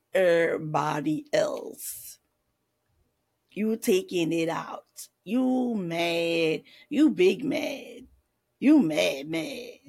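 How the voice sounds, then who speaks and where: A woman's voice: fairly low pitch, gravelly, darkish tone. A woman life coach giving faith-based advice in a sassy, playful podcast talk, tossing in pet names and laughing often.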